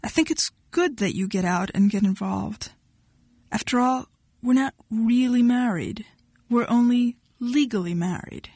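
A woman's voice: on the high side, a little slow, slightly rough, dry recording, clean studio sound. A woman reading a blunt, cold young woman. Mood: awkward. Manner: sharp, dismissive, impatient.

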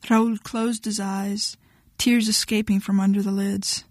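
A woman's voice: mid-range voice, flat delivery, unhurried, darkish tone, no room sound. Woman narrating an audiobook, dry sound.

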